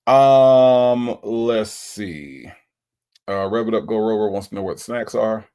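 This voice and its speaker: A man's voice: on the low side, takes it slowly, dark tone, clean tone. A laid-back man from Florida, hosting a casual livestream chat and reading out viewer comments. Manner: laid-back, chatty, repeats himself, playful. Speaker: livestream host.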